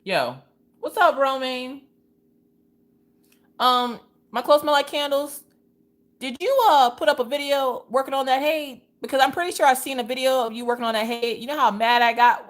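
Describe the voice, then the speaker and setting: A woman hosting a casual crafting livestream, telling stories in an animated, slangy way and talking straight to her chat. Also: high voice, moderate pace. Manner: animated storytelling, quotes people in different voices. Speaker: livestream host.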